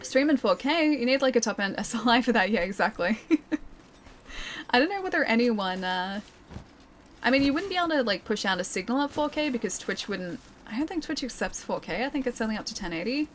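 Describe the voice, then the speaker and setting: A woman's voice: a little high, expressive, brisk, slight background noise. A young woman streaming a game, chatting casually with viewers, laughing often and reading comments aloud. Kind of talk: casual live-stream chat. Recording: game music playing underneath. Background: game music.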